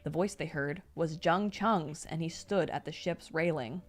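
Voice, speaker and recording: A young woman streamer reading a novel aloud, steady between excited asides. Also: low voice, a little slow, soft background music. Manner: reads steadily, breaks off into excited reactions.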